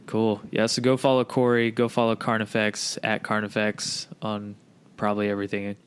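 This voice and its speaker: A man's voice: lowish voice, moderate pace, smooth. A man hosting a podcast, chatting casually and profanely with a guest. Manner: relaxed, profane, laid-back. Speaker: podcast host. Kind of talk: casual interview chat.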